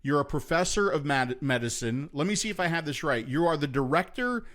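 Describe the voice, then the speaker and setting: A man's voice: fairly high pitch, animated, a little fast, a bit bright. A man hosting a live online show and interviewing a guest, loose and friendly, with many restarts. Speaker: show host.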